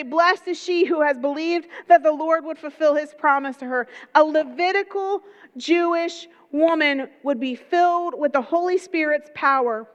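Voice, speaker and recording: A woman preaching a sermon, telling the story in a lively way with folksy asides. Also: high-pitched, big-room sound.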